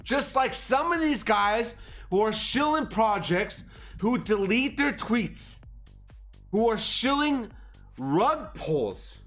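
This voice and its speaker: A man ranting on a livestream, profane and agitated. His pitch swings widely as he moves between sour low muttering and sharp outbursts. Faint music plays behind him. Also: very animated, slow. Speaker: market commentary streamer. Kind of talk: livestream rant.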